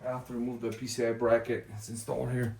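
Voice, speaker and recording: A tech video host walks viewers through a hardware install step by step as he works, casually calling them "guys." His medium-pitched voice is monotone, quick, creaky, and a little mellow, with slight background noise.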